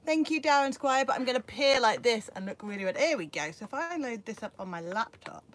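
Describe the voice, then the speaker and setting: A woman chatting excitedly to viewers on a live stream from her motorhome, recorded on her phone. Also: mid-range voice, fairly quick, hardly any pauses. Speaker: vlogger. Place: motorhome in a field.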